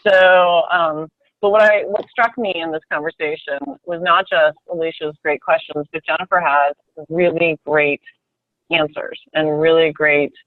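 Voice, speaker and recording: A woman's voice: low voice, fairly even intonation, moderate pace, dry recording. Woman talking over a tinny phone line. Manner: chatty storytelling with many restarts and fillers. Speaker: sales team leader. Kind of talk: conference call pep talk.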